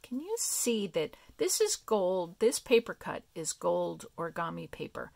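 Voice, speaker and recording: Woman crafter, low and unhurried, gravelly, soft rambling show-and-tell. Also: big pitch swings, dry recording. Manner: soft, meandering, thinking aloud with many fillers. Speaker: craft vlogger.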